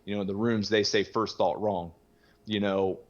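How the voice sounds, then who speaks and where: Low-voiced man, candid and rambling. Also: fairly even intonation, moderate pace, highs cut off. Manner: rambling, frequent "you know" fillers, casual swearing, laughs easily. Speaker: podcast guest sharing his recovery story. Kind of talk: casual candid conversation.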